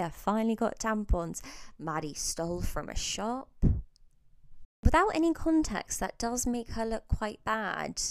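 A woman's voice: medium pitch, gravelly, clear, resonant tone, dry recording. A young adult woman vlogger telling a holiday story in a casual, chatty way, swearing freely and laughing between sentences.

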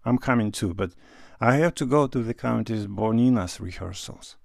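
A man's voice: medium pitch, moderate pace, vocal fry, no room sound, studio quality, close to an everyday voice. A man voicing a cheerful, worldly nobleman who teases his friend in a breezy, slightly grand manner.

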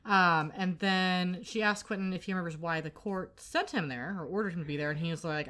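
Chatty woman with a lowish voice. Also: moderate pace, a bit bright. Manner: chatty, acts out quoted lines, lots of fillers. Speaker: podcast co-host. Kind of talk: casual recap chat.

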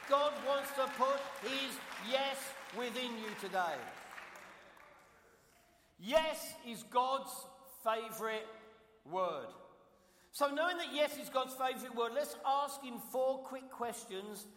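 London guest pastor, high voice, emphatic preaching style, big reverberant church sound. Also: male voice, moderate pace, few pauses, a bit bright, some chatter behind, slight background noise. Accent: London English. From London, England. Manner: emphatic, repeats key phrases, asks the congregation questions. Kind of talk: preaching a sermon. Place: church sanctuary. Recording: echoey hall, long reverb.

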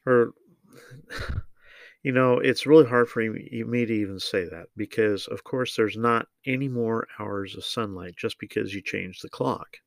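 A man giving opinionated solo political commentary, measured and deliberate, with frequent ums and uhs. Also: fairly low pitch, creaky, dry recording.

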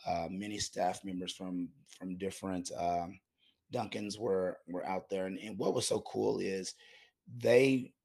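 An easygoing man talking as a guest on a casual chat, quick to laugh. His voice is very low and gravelly, with a husky edge. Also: steady tone, a little mellow.

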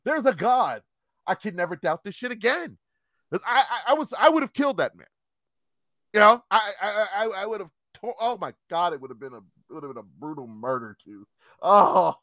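A man spins a profane story in casual chat, his pitch leaping up and down as he acts out every voice. He sits a touch high for a man and sounds dry and close to the mic. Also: moderate pace, no echo. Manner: animated, profane, acts out quotes.

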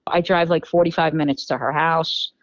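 A woman with a New York accent telling a dating story in a casual podcast interview, animated and full of fillers, acting out quoted dialogue. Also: low-pitched, moderate pace, no room sound, low-quality recording. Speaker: podcast guest.

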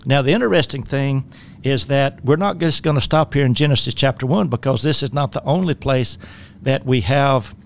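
A man's voice: medium pitch, normal speed, creaky, a little hiss or hum. A man with a Southern drawl hosting a faith-based talk radio show as a life coach, folksy and rambling, with many fillers and restarts.

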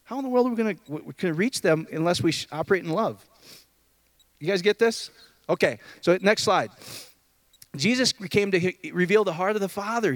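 A man preaching an informal sermon, jumping from loud high outbursts to low murmurs and asking the room questions. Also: dry recording. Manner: conversational, asks the room questions.

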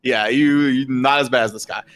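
A man's voice: mid-range voice, fairly even intonation, brisk, a bit bright. A man narrating as game master in a casual, filler-heavy way.

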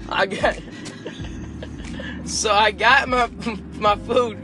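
A young man vlogging, telling a story in an animated, laughing way and acting out the people in it. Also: high voice, extremely slow, music in the background. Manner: animated, laughing, acts out the people in his stories. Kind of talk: casual storytelling.

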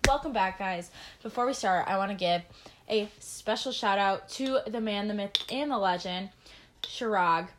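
A woman's voice: medium pitch, normal speed, noisy background. A teenage girl hosting her own casual podcast, a little out of breath and eating, rambling and tripping over her words as she talks. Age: teens. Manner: rambling, self-interrupting, stumbles over words; eating while talking. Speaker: podcast host. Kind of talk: casual solo podcast chat.

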